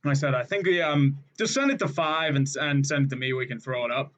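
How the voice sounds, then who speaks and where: A man's voice: medium pitch, fast, a bit bright. A man co-hosting a podcast in casual chat, laid-back and swearing freely as he jokes. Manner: laid-back, profane joking. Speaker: podcast co-host. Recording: dull lo-fi sound.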